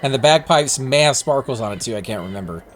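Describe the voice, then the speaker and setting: A man's voice: medium pitch, expressive, fast talker, a little hiss or hum. Laid-back man joking over game chat. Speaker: gaming channel host. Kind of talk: casual chat while playing a game. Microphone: desk microphone.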